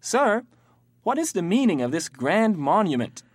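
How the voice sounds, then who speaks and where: Naive young traveler, high and sing-song, earnest questions, dry close sound. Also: male voice, sing-song, a little slow, dry recording, full character voice. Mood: puzzled. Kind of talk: audio drama acting.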